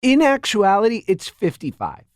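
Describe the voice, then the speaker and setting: A man co-hosting a podcast in relaxed conversation. His pitch swings in a lively, playful way as he jokes, and the sound is dry and close. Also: normal speed, no echo. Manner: playful, joking. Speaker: podcast host. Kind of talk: casual chat.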